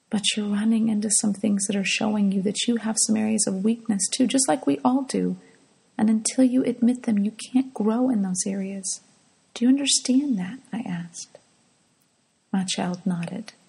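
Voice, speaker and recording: Very gravelly, husky woman's hushed telling. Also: mid-range voice, low-quality recording. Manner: soft, hushed, often drops to a whisper. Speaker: mother telling a personal devotional story. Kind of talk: reflective devotional storytelling.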